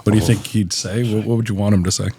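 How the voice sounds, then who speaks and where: A man's voice: on the low side, fairly even intonation, quick pace, mellow, slightly rough. A man hosting a casual interview, encouraging his guest and asking follow-up questions. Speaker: podcast host.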